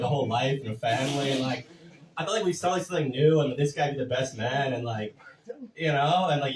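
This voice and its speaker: A man's voice: fairly high pitch, reverberant, distant mic, low-quality recording. A man doing a stand-up set, crude and self-deprecating, rambling with lots of fillers. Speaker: stand-up comedian. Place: comedy club stage.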